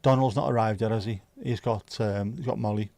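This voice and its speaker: A man's voice: lowish voice, steady tone, fairly quick, a little mellow, no room sound. A man hosting a livestream, chatting casually with viewers and teasing them. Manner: joking, teasing, chatty banter. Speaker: livestream host.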